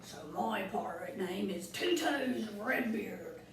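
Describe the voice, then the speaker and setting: In an echoey room recorded from a distant mic with faint noise, a woman hosts a children's craft lesson as a playful pirate. Her mid-range voice has lively intonation and a slow pace as she tells corny jokes and explains each step.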